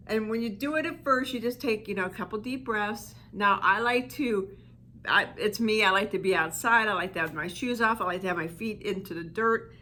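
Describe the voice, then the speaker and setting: A woman's voice: mid-range voice, normal speed, sharp tone, slight background noise. A woman coaching listeners on inner child healing in a reflective, conversational talk full of "you know" asides.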